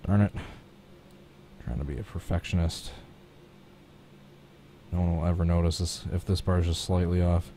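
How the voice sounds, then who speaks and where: A man's voice: low-pitched, fairly even intonation, moderate pace, long pauses, mellow, a little hiss or hum. A man streaming live, chatting casually and self-deprecatingly as he talks himself through each step of painting a race truck on his computer. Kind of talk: casual thinking-aloud commentary while working.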